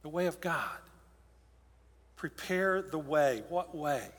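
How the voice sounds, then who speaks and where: A man's voice: fairly high pitch, expressive, slow, fairly bright tone, long reverb tail. A man preaching a sermon as pastor, in a conversational storytelling way with asides and restarts.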